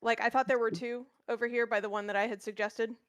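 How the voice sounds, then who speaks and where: A woman playing a tabletop game, talking hesitantly with many pauses and ums. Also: fairly high pitch, flat delivery, smooth, dry recording, studio quality. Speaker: player. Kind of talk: casual tabletop play.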